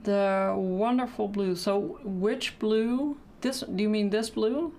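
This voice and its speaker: A woman's voice: medium pitch, takes it slowly, darkish tone. A woman chatting casually during a live painting stream, thinking aloud and answering questions from the chat.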